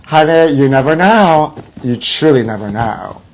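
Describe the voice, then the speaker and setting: A man's voice: medium pitch, lively intonation, measured pace. A man hosting a live celebrity gossip show, theatrical and mock-frightened, calling his viewers honey. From Los Angeles area.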